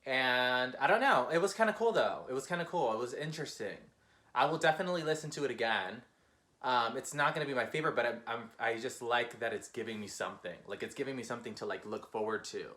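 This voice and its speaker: Man, music reaction host, casual, fast-talking, emotional, bright voice, mid pitch.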